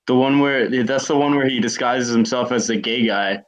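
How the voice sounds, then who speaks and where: Another clip of the young livestream host chatting casually, his stories meandering and heavy with fillers. He has a medium-pitched voice and keeps a moderate pace, with the audio sounding dull and lo-fi.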